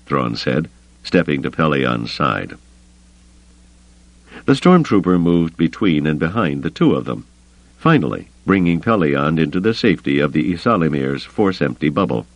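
A male audiobook narrator with a very deep voice that still moves widely in pitch as he tells the story. The recording is close and dry, with no room sound. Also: big pitch swings, normal speed, dry recording, low-quality recording. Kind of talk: scripted narration.

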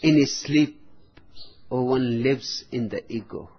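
Male spiritual teacher, very slow, long pauses, husky voice, dull lo-fi recording. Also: mid-range voice. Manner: slow, measured, drawn-out phrasing with long pauses. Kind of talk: spiritual discourse with jokes.

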